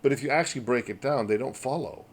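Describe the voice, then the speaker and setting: A man's voice: medium pitch, fast talker, a little hiss or hum. Emphatic man ranting on a podcast. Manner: emphatic, rhetorical, digressive. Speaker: podcast host. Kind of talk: casual opinion monologue.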